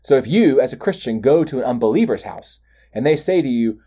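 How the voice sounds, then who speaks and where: A man with a mellow, warm voice teaches through a Bible passage. He reads the verses aloud, then explains them in plain terms, and now and then slips into quick acted-out voices to make a point. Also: mid-range voice, expressive, slightly rough. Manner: acts out imagined voices in quick asides.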